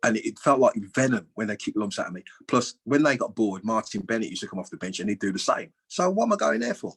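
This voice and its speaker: A man in his sixties, a former footballer and guest, telling chatty stories in a lively, colloquial way. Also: on the low side, quick pace, vocal fry, husky. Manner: lively, acts out other people's lines with big jumps in voice. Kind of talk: anecdotal storytelling.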